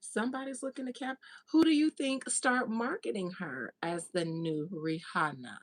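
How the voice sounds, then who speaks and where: A woman's voice: medium pitch, moderate pace. Blunt, gossipy woman reader. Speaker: tarot reader. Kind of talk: casual monologue, spiritual reading.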